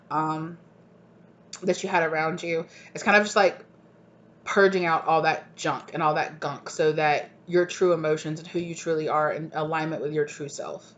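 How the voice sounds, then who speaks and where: Low-voiced woman giving a tarot reading. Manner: rambling, gushing, often asks "right?". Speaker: tarot reader. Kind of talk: channeled collective tarot reading. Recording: dull lo-fi recording, faint hiss.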